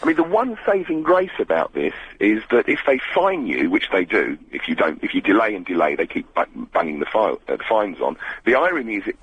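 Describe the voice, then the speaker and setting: A man from Britain with a slightly croaky voice calling a radio show, explaining his case earnestly. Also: on the low side, sing-song, a little fast, few pauses, dry recording. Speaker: caller. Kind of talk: phone-in chat. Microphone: telephone. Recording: lo-fi phone line.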